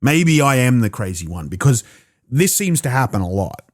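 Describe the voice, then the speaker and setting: A man with an Australian accent doing a profane, animated stand-up set alone in his own room, stammering into restarts. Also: mid-range voice, moderate pace, dry recording, clean studio sound. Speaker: stand-up comedian. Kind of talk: stand-up comedy performed alone.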